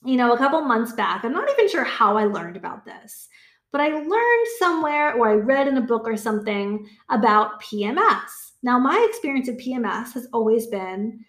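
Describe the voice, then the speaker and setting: A woman's voice: a little high, sing-song, normal speed, fairly bright tone. A woman in her thirties talking candidly to her viewers, chatty, swearing freely and acting out her own inner voice. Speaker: vlogger. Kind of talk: casual talk to camera. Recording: echoey room.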